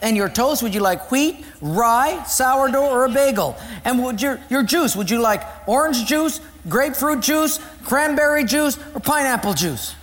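A man voicing a restaurant waitress who rattles off menu options rapid-fire, in a reverberant hall. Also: very high voice, lively intonation, fairly bright tone, a little hiss or hum, voice pushed up. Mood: brisk. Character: brisk restaurant waitress, woman.

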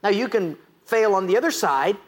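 High-pitched american preacher guy, lively, jokes around, keeps asking the church stuff. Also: moderate pace. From United States. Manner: animated, asks the crowd questions, jokes and laughs. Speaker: pastor. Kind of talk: sermon.

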